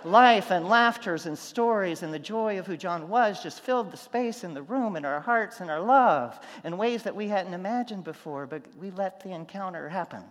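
A man preaching a sermon, telling stories, going from loud and animated to quiet and soft. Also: high-pitched, normal speed, few pauses, big-room sound. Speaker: pastor.

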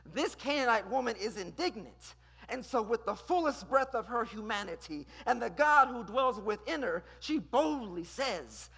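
A husky-voiced preacher delivers a dramatic sermon, asking the listeners pointed questions. The voice moves from forceful outbursts to near-whispered passages. A long reverb trails every phrase, as in a large hall. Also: medium pitch, expressive, moderate pace. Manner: dramatic, with rhetorical questions and sharp swings between loud and hushed.

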